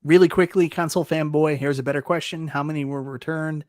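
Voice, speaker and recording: An excitable man hosts a podcast, hyping things up with exaggerated reactions. His voice sits a bit high and sounds dry and close. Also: fast, no room sound. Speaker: podcast host. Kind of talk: casual chat.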